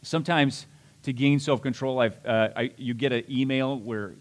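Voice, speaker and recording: A man's voice: mid-range voice, fairly even intonation, normal speed. A middle-aged man preaching a sermon as a pastor, conversational and self-deprecating, with restarts and asides.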